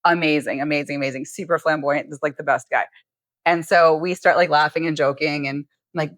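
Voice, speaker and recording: A woman's voice: deep voice, fairly even intonation, a little fast, fairly bright tone, dry recording. A woman hosting a podcast, telling a story in casual chat, acting out dialogue and swearing freely. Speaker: podcast host.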